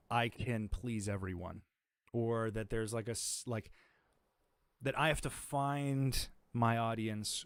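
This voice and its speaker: A man's voice: on the low side, no echo. Rambling streamer man, dry close sound. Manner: rambling, filler-heavy, thinking aloud. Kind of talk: casual chat.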